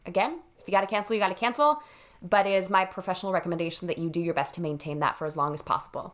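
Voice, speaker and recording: A woman's voice: medium pitch, a bit bright. A woman in her thirties, a wedding planner, talking earnestly and reassuringly to camera from her home. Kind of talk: direct-to-camera vlog.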